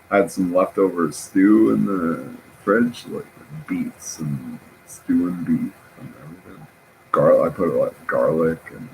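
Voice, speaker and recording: A man's voice: low voice, a little hiss or hum, low-quality recording. A man rambling through a casual, profane, self-mocking story with lots of fillers and restarts. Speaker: vlogger.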